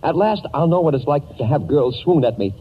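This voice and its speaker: An actor plays a gawky, nervous young man pretending to be a star crooner. He talks in goofy, eager bursts with a high, lively voice. The sound is a muffled old radio broadcast with hiss. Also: fairly quick, close to an everyday voice. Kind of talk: 1940s radio comedy acting.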